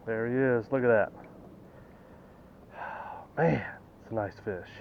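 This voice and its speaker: Excitable man fishing from a kayak. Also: medium pitch, slow, gravelly, slight background noise. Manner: excitable, repeats exclamations. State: out of breath. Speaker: kayak angler. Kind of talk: excited on-the-water fishing commentary. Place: on a kayak outdoors on a lake. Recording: dull lo-fi camera audio.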